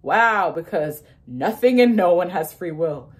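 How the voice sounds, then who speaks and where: A woman's voice: lowish voice, expressive, a little slow. A young woman who talks casually and emphatically, laughing often and acting out inner voices as she explains ideas to her viewers. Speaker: manifestation content creator.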